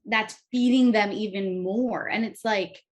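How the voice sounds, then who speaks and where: A woman's voice: mid-range voice, measured pace. A woman co-hosting a podcast in casual chat, chiming in with supportive remarks. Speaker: podcast co-host.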